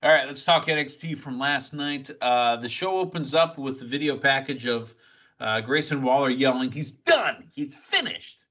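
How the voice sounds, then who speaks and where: A man's voice: medium pitch, moderate pace, a bit bright, dull audio. A man hosting a wrestling podcast, casually running through show recaps with playful quips. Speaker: podcast host.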